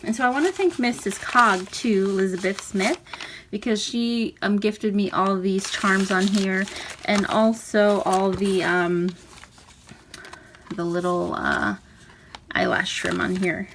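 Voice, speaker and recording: A woman's voice: medium pitch, takes it slowly. Woman chatting thru her craft journal, easygoing, a bit of noise behind her. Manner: chatty, relaxed, with fillers and soft laughs. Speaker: crafter showing a handmade journal. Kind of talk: casual craft walkthrough. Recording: audible background noise.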